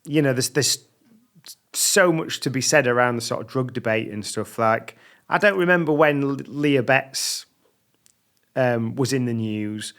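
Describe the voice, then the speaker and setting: A man's voice: mid-range voice, unhurried, a bit bright. A man hosting a casual interview, asking thoughtful questions in a conversational way. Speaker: podcast host.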